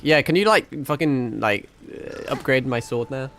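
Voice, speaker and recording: A man's voice: medium pitch, animated, measured pace, creaky, few pauses, fairly bright tone, soft background music. Crude, rambling young man streaming a game. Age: 20s. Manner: crude, rambling and self-mocking, swears a lot. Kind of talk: casual live-stream chat.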